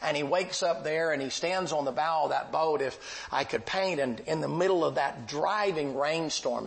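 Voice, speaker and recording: A man's voice: fairly high pitch, creaky, rough recording. A man preaching a sermon, telling a vivid Bible story in a folksy, emphatic way.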